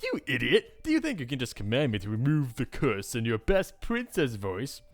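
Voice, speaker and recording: A man's voice: medium pitch, huge pitch swings, normal speed. A man voicing a scheming female witch who mocks and scorns, as he reads a visual novel aloud. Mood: mocking. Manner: mocking, scornful.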